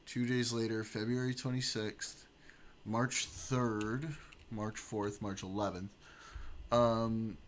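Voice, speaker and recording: A man with a lowish voice gives casual reaction commentary on a stream. He talks bluntly and swears freely, and reads text messages aloud in the same plain voice. A faint hiss sits under the recording. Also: little pitch movement, slow pace.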